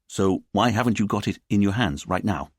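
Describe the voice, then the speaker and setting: A man's voice: on the low side, brisk, no room sound, studio quality, close to an everyday voice. A man doing a stiff, formal police chief. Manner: stiff and formal, stammers when embarrassed.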